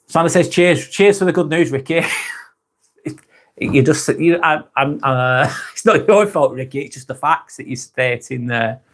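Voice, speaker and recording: A man's voice: a little high, unhurried. A man hosting a casual live chat, reading viewer comments aloud, laid-back, laughing often and swearing freely. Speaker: livestream host.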